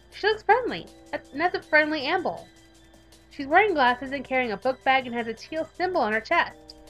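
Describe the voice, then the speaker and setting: A young woman playing a visual novel, reading its narration aloud and chatting playfully. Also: sits high. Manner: playful, giggly, expressive. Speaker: gaming YouTuber.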